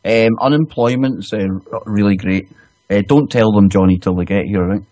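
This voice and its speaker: A man's voice: fairly low pitch, moderate pace, warm tone, no room sound. A Scottish man hosting a casual online radio talk show, joking and teasing his co-hosts. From Scotland. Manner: joking, teasing, laughs often. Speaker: show host.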